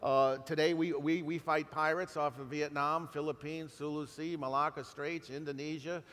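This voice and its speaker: A middle-aged man with a New England accent, giving a talk to an audience in a halting way, full of fillers and restarts. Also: fairly high pitch, steady tone, a bit bright. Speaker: guest speaker. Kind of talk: speech to an audience. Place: large hall. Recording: long reverb of a hall.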